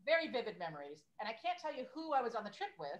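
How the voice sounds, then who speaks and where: A woman's voice: on the high side, sing-song, very fast, muffled recording. A woman in her fifties, a podcast guest, reminiscing in a chatty way and saying "like" a lot. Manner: chatty and nostalgic, lots of "like". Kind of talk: casual chat. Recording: echoey room.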